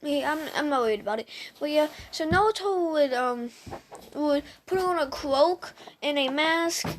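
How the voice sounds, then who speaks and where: A woman's voice: sits high, animated, moderate pace, slight background noise. A woman casually retelling a fan story to her viewers, hesitant and full of "um"s and restarts, chatting straight at the audience.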